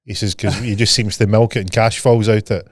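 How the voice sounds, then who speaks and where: A Scottish podcast co-host with a fairly low voice speaks fairly quickly, telling stories in casual chat as an animated storyteller. He swears freely and acts out both sides of a conversation, recorded in clean studio sound without echo.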